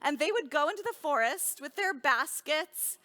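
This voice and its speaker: A woman telling a children's story at a service, animated and drawing the children in with questions and call-and-response games. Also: sits high, normal speed.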